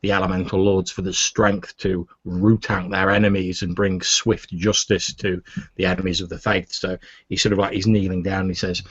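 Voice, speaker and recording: Deep husky game master. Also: male voice, flat delivery, moderate pace, dry recording. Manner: loose, filler-heavy narration. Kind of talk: narrating a tabletop game. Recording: muffled lo-fi recording.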